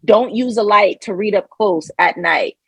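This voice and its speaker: Young adult woman, podcast co-host, casual chat, breathy, dry close sound. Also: mid-range voice, unhurried, no echo, low-quality recording. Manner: giggly, laughs at her own jokes.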